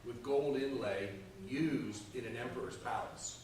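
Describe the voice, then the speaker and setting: A man teaches a Sunday school Bible lesson in a plain, mid-pitched voice. He talks conversationally and keeps asking "okay?" and "right?". The mic is far from him, so his voice comes across in an echoey church classroom. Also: unhurried, darkish tone, slight background noise. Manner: checks in often with "okay?" and "right?".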